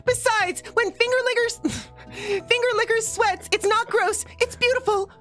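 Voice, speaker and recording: Woman doing a squeaky gushing schoolgirl. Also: steady tone, normal speed, a bit bright, soft background music. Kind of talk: reading a game aloud.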